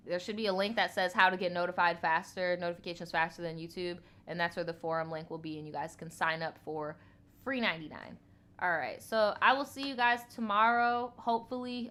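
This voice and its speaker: A woman's voice: medium pitch, steady tone, fairly quick, fairly bright tone. A woman hosting a storytime video, reading viewer stories aloud and chatting bluntly to her viewers, with plenty of swearing. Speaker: storytime host.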